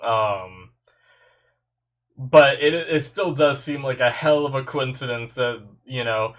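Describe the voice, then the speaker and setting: A man's voice: mid-range voice, slow. A young man with a stuffy nose, rambling casually as he reacts to an anime episode, full of fillers like "like" and "you know".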